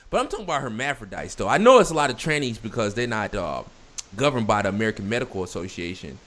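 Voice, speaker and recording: A man's voice: on the low side, sing-song, fast talker, a bit bright. A man hosting a casual podcast chat, blunt and crude, firing off questions. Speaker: podcast host.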